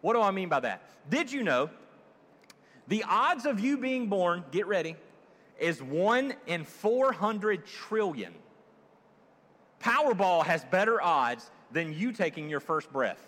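A pastor preaches in a church sanctuary, his fairly high voice jumping up and down with animated swings of pitch. He keeps it jokey and conversational, peppering the congregation with questions, while a long reverb tail hangs behind every phrase. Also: slow pace. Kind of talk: sermon.

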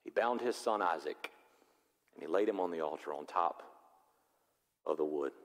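A pastor preaching a sermon, animated and acting out the characters of the story. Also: male voice, a bass voice, moderate pace. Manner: animated, acts out biblical characters in voices. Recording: long reverb of a large hall.

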